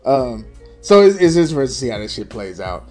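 A man's voice: mid-range voice, very animated, brisk, darkish tone, soft background music. A young adult man co-hosting a casual sports chat, talking bluntly and profanely with a dismissive edge. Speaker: podcast co-host.

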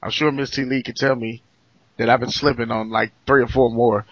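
A man in casual chat, telling animated, joking stories full of slang and swearing. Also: mid-range voice, fairly quick, dry recording. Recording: dull lo-fi sound.

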